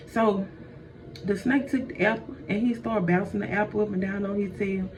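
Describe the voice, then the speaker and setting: A woman's voice: mid-range voice, steady tone, normal speed. A woman telling a comedic story in a casual, slangy way, calling her listeners y'all, recorded dull and distant with faint noise.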